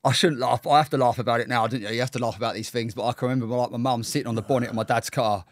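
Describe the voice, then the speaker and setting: A man's voice: mid-range voice, fairly even intonation, very fast, dry recording. A middle-aged man from Essex with an Essex accent, a former Royal Marine telling stories in a casual podcast interview, blunt and swearing freely. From Essex, England.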